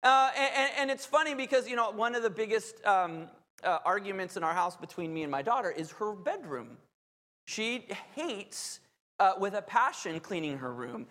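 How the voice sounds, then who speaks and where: High-voiced man preaching in a reverberant hall. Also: animated, normal speed, sharp tone. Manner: emphatic, conversational preaching with asides. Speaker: pastor. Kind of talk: sermon. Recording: long reverb of a large hall.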